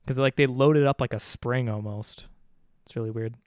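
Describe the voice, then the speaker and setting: A man's voice: mid-range voice, steady tone, moderate pace, darkish tone, smooth, no echo, clean studio sound. A man streaming a video game, chatting casually and joking with his viewers while he plays. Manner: chatty, jokey, reads game dialogue aloud. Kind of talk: casual gameplay chat. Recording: faint game music behind.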